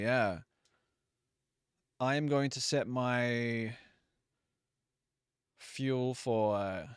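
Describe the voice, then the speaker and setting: A young man talking through a live racing game stream in a loose, chatty way, swearing freely and apologizing often. His mid-pitched voice sounds smooth and clean. The sound is close and dry, with no room around it. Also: dry recording. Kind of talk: casual live gameplay commentary.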